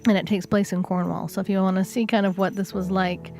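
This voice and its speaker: A woman's voice: mid-range voice, level tone, fast talker, a little mellow, faint music behind. A woman co-hosting a casual podcast, chatty and self-deprecating, prone to friendly digressions. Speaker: podcast co-host. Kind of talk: casual paranormal podcast chat.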